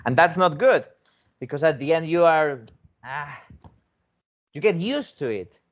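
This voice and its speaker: A man's voice: a little high, animated, measured pace, muffled recording. Man teaching with frequent "okay?" checks. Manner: repeats words, many restarts, frequent rising "okay?" checks. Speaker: foreign teacher training teachers. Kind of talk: teaching demonstration talk.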